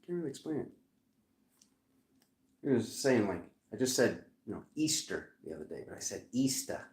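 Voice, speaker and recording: A man's voice: lowish voice, sing-song, normal speed, roomy sound. A man with a Rhode Island accent giving a casual tarot reading, rambling and cracking jokes as he goes. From Rhode Island, USA. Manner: rambling, joking asides. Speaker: tarot reader.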